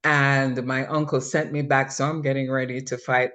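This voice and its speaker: Jamaican-accented woman co-host, low pitch, animated storyteller. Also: normal speed. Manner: lively storytelling with laughs. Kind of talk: casual conversation.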